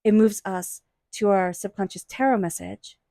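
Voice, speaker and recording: A woman giving a tarot reading in a gentle, soothing, affirming way. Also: mid-range voice, normal speed, dry recording, clean studio sound. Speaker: tarot reader.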